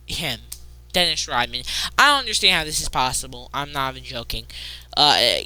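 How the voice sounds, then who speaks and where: Excitable bright-voiced woman recapping wrestling. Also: very deep voice, moderate pace, no echo. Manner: excitable, swings between loud outbursts and muttered asides. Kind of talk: casual wrestling news recap.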